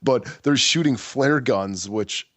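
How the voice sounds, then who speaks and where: A man's voice: mid-range voice, takes it slowly, a bit bright, no echo. A man co-hosting a film podcast, recounting scenes in a rambling, hesitant way with frequent amusement. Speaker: podcast co-host. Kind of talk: casual film review chat.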